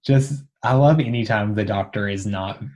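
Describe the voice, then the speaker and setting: A young man with a low voice co-hosts a podcast in easy, casual chat. He talks in halting bursts, stopping and restarting often and leaning on fillers as he thinks aloud. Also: darkish tone. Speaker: podcast co-host.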